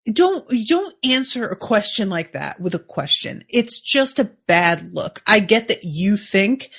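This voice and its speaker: A woman's voice: mid-range voice, a bit bright. Woman podcaster rambling thru a recap, musing, lots of ums, medium voice. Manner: chatty, musing, thinks aloud with fillers. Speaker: podcast host. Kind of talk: casual episode recap.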